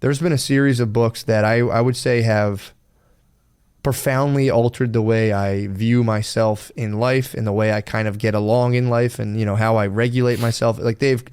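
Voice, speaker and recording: A man's voice: mid-range voice, fairly even intonation, normal speed, a little mellow, clear, resonant tone. A man co-hosting a casual podcast, rambling and swearing freely as he talks through his own experiences. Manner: rambling, swears freely, quotes himself in other voices. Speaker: podcast co-host.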